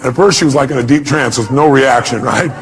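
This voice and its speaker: A man giving a motivational seminar talk, animated, acting out quotes in a raised voice and asking the audience questions. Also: medium pitch, fairly quick, a loud crowd, heavy background noise. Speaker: motivational speaker.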